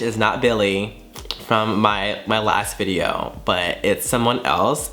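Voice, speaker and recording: A young man telling a storytime vlog, animated and profane, acting out both sides of the exchanges. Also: medium pitch. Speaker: vlogger.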